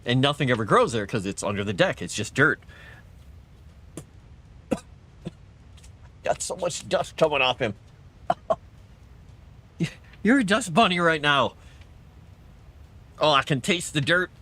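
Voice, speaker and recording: Lively man chatting on a game stream. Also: fairly high pitch, a little slow, long pauses. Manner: chatty, coos and baby-talks to his cat. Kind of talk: casual game stream chat. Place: home, indoors.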